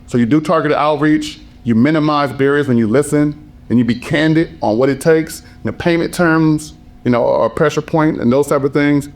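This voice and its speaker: A man speaking on a business panel, his voice hoarse, talking with emphatic passion and repeated phrases. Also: on the high side, moderate pace. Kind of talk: panel talk.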